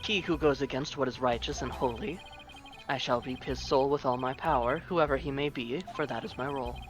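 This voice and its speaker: A man's voice: mid-range voice, brisk, a little hiss or hum, lightly acted. A man voicing a solemn young male prosecutor monk in a grave, formal manner during a let's play.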